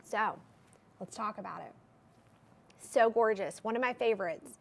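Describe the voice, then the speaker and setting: Tv shopping host lady, super excited gushy sales talk, normal mid voice. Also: mid-range voice, a little slow, vocal fry. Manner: enthusiastic, gushing sales patter. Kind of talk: live TV shopping presentation.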